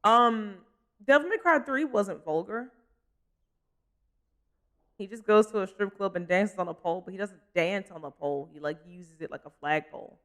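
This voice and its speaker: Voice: mid-range voice, normal speed, bright, forceful tone. A young adult streamer talking through a gameplay session in a loose, chatty way. They drift from topic to topic, laugh easily and stop to answer chat. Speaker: livestreamer. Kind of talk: casual gameplay commentary.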